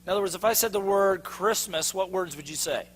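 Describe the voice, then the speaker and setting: A man's voice: sits high, fairly quick, a bit bright, slight background noise. A man giving a sales seminar to a live audience, quizzing them with fill-in-the-blank questions. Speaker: sales trainer. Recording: long hall reverb.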